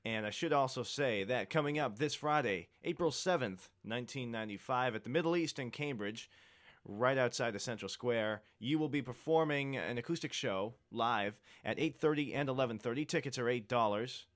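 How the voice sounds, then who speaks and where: A man's voice: mid-range voice, moderate pace, fairly bright tone. A man hosting a radio interview, moving the talk along and reading upcoming show details. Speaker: radio host.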